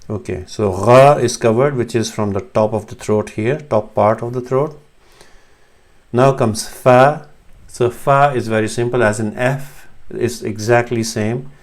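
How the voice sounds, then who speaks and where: A man's voice: mid-range voice, fairly even intonation, a little slow. A man teaching Arabic letter sounds, patiently demonstrating each one and correcting himself as he goes. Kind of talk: slow instructional explanation.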